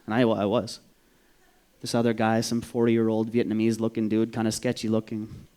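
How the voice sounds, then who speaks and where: A man, from Vancouver, telling a personal story on stage in an animated, profane way, acting out the voices. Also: on the low side, normal speed, clean tone. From Vancouver, Canada.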